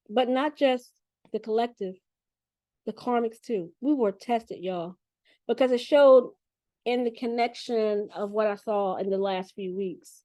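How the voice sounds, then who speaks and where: A woman giving a casual spiritual reading in an animated, chatty and profane way. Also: a little high, measured pace, no echo. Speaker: spiritual reader.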